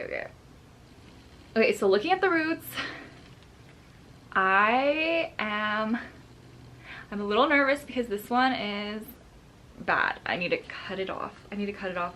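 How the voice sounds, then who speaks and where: A young woman vlogging casually to her viewers, excitable and nervous as she talks through her plants. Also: medium pitch, a little hiss or hum. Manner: excitable and nervous, gasping and laughing often. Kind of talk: casual vlog chat.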